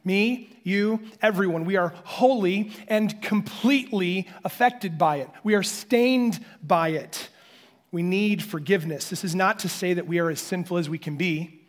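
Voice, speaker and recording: A middle-aged male pastor preaching a sermon in a church, stressing key words and slowing down on repeated phrases. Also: high voice. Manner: emphatic preaching with slow, weighted repetitions. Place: church sanctuary.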